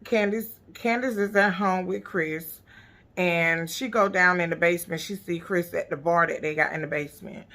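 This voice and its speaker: A woman's voice: on the low side, normal speed, a bit bright. A woman recapping a reality TV episode in blunt, profane, sassy casual commentary. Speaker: TV recap vlogger.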